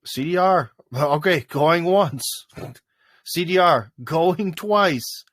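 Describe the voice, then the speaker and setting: A man's voice: fairly high pitch, slow, a bit bright, no room sound, clean studio sound. A man hosting a livestream, chatting casually in a loose, rambling way full of fillers. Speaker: livestream host. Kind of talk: casual chat. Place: in front of a green screen.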